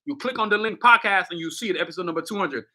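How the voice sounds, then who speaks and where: A man's voice: high-pitched, lively intonation, very fast, bright, forceful tone. A man hosting his own livestream, talking casually in a hyped, motivational, slangy way straight to his viewers. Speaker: livestream host, artist.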